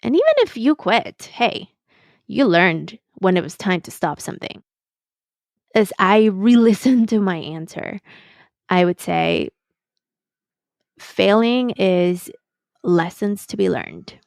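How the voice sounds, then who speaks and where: A woman hosts her own podcast, thinking aloud in a measured, reflective way. She slips Spanish words into her English sentences. Her voice sits in the middle of the range and sounds dry and close. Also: medium pitch, expressive, gravelly, no room sound. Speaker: podcast host. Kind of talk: reflective solo podcast talk.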